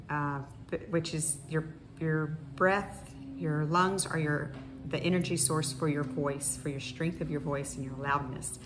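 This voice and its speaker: A middle-aged woman speech therapist calmly leading guided voice exercises, pausing with frequent fillers. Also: deep voice, background noise. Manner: calm instructional, with many fillers. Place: indoors in Costa Rica, wind outside.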